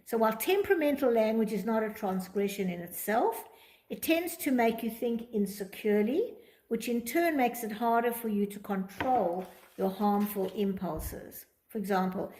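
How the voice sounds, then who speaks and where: A woman's voice: mid-range voice, animated, a little fast, darkish tone. A woman teaching a Torah psychology class, reading from a text and explaining it, acting out quoted thoughts in different tones. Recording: echoey room.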